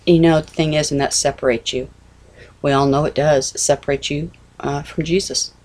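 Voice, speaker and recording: Middle-aged woman, slightly raspy, casual devotional vlog, earnest, keeps asking "okay?". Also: sits low, fairly even intonation, normal speed, darkish tone. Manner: earnest, conversational, repeats "okay?" and "you know". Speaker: Christian vlogger. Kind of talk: casual devotional talk to camera.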